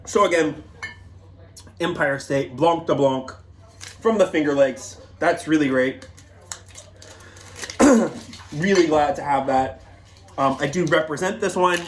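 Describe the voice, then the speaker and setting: A man's voice: fairly high pitch, unhurried, long pauses, slight background noise. A man hosting a casual wine tasting in a wine bar, chatty and loose with lots of fillers and asides.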